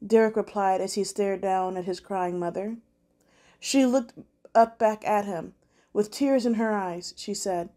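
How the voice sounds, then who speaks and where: A woman reading a Christmas story aloud at a church, calm and measured. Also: medium pitch.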